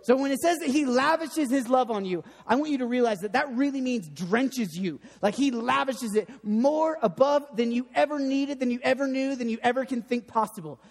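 High-voiced young male preacher. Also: moderate pace, few pauses. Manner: animated storytelling, self-deprecating. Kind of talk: sermon. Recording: long hall reverb.

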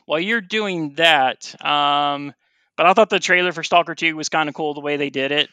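A man co-hosting a casual gaming podcast, chatty and relaxed with plenty of filler words. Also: fairly high pitch, moderate pace, smooth, no echo. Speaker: podcast host.

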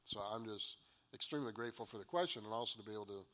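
A man answering an interview question about church work in a soft, thoughtful way with fillers. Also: lowish voice, rapid-fire.

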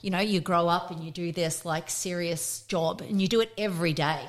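A woman's voice: fairly low pitch, steady tone, fairly quick. A woman in her fifties, a guest, telling stories in a reflective, casual way with many fillers. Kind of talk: casual chat.

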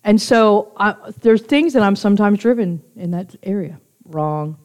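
A woman leads a relaxed Bible study in a chatty, confessional way. Her voice sits at an ordinary middle pitch. She restarts and corrects herself often and jokes easily with her small group. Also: measured pace. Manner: laughs easily, jokes with listeners.

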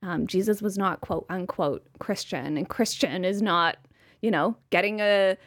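A woman co-hosting her podcast, chatting in an animated, self-mocking way with a lot of "like.". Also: mid-range voice, unhurried, no room sound, clean studio sound. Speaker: podcast co-host. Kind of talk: casual conversation.

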